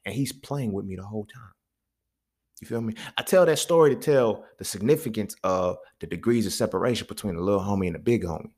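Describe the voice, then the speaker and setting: Animated, profane young man telling stories. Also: quick pace. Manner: animated, profane slang, swings from low mutters to loud bursts. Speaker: podcast host. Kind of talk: casual storytelling monologue.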